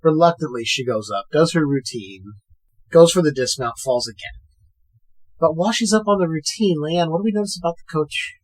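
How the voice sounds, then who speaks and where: Husky-voiced man recapping a film. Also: fairly high pitch, fairly quick. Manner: animated retelling, acting out characters' lines, swears freely. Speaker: podcast co-host. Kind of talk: casual chat recapping a film.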